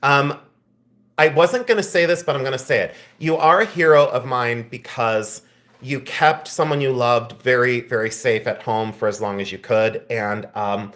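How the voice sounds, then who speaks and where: A man's voice: mid-range voice, normal speed, fairly bright tone. A man hosting a live jewelry sale stream, teasing viewers in the chat, laughing often and turning tender when he speaks to a friend.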